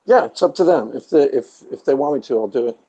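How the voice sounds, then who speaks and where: A man's voice: medium pitch, animated, fast, mellow, husky, dull audio. A man from the New York area with a New York accent, hosting a joking casual chat. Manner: jokey, teasing. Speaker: channel host.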